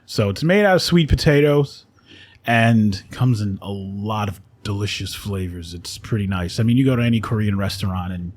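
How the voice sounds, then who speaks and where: A man, an actor and voiceover artist, chatting as a guest in a radio studio in a relaxed, rambling way and laughing often. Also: lowish voice, moderate pace, a little hiss or hum. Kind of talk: casual conversation.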